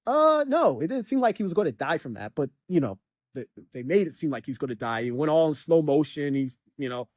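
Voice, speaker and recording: A man's voice: sits high, darkish tone, no echo, studio quality. A man giving a rambling, filler-heavy spoken recap and review of a video game, often restarting his sentences.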